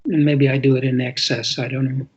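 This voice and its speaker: A man's voice: medium pitch, little pitch movement, brisk, slightly rough. An older man, an author and interview guest, talking casually and expressively, stressing words as if reading aloud, over muffled lo-fi audio.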